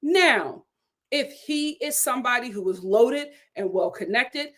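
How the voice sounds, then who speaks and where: A woman giving sassy, animated commentary on a reality show, laughing at her own jokes. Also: fairly high pitch, a little slow. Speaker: reality TV reviewer. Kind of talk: casual commentary.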